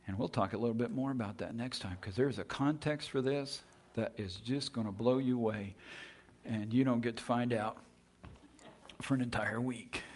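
A man delivers an animated sermon in a husky, slightly breathy voice at an ordinary pitch. He retells the story with dramatic swings, rising to loud emphasis and falling to hushed near-whispers. He acts out the quoted voices as he goes. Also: moderate pace. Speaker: pastor.

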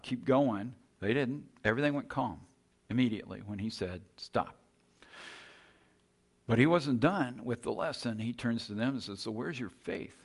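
Preaching a sermon in a medium-pitched voice, a man retells a scripture story in a conversational style. He poses rhetorical questions and frequently starts his sentences over.

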